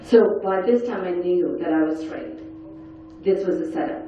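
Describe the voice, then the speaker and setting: A woman's voice: fairly low pitch, normal speed, mellow, a little hiss or hum. Middle-aged woman telling her own story with intensity, recorded from far off in a big echoing hall. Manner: earnest, intense storytelling with acted-out quotes. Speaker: survivor giving a talk at a forum session. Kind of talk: personal testimony speech. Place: large conference hall. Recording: echoey, distant, dull hall recording.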